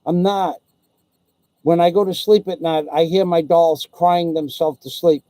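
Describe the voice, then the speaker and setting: A man's voice: fairly high pitch, steady tone, measured pace, warm tone, no room sound, poor audio. A man hosting his own video channel, ranting in a crude, rambling way full of swearing. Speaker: YouTube vlogger. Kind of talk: profane comedic rant.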